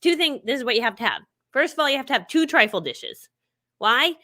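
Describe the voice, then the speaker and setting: A woman's voice: high-pitched, big pitch swings, a little fast, bright, forceful tone. A middle-aged woman hosting a live stream, telling stories in a chatty way, laughing often and acting out what people said. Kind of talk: casual chatty storytelling.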